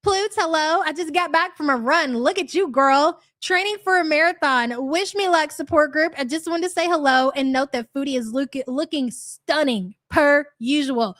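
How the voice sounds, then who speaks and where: A woman's voice: sits high, moderate pace, hardly any pauses, fairly bright tone, dry recording, clean studio sound. Blunt, sarcastic woman streamer. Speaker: streamer host. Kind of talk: live reaction commentary.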